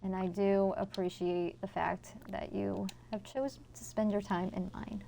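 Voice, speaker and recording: A woman's voice: medium pitch, flat delivery, unhurried, gravelly, mellow, a little hiss or hum. A woman game streamer chatting casually with her viewers while she plays, blunt and swearing freely. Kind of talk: casual live-stream chat.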